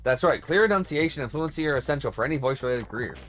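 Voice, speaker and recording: A man's voice: mid-range voice, animated, rapid-fire, a bit bright, faint music behind, lightly acted. A man reading a prim, pushy language teacher. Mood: salesy. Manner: reading game subtitles aloud, formal and salesy.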